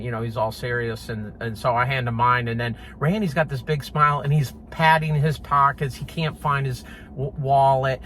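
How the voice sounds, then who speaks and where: A man telling a funny personal story in a casual, animated way, often laughing and mimicking sounds. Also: medium pitch, a little hiss or hum. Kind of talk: casual anecdote.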